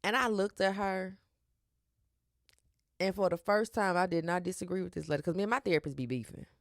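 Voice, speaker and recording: A woman hosting her own podcast, talking in a sassy, animated way with slang and cursing. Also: lowish voice, brisk, no echo, studio quality. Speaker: podcast host. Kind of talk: casual solo podcast talk.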